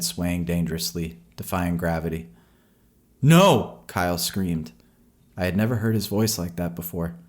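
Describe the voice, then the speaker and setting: A man narrating a horror story in a slow, measured storytelling voice. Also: sits low.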